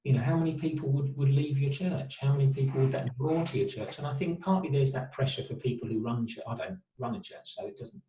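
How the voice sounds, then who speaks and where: A man's voice: medium pitch, quick pace, few pauses, warm tone, muffled recording, slight background noise. A man, a therapist and trauma specialist, answering interview questions thoughtfully in long reflective runs with rhetorical questions. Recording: roomy, distant mic.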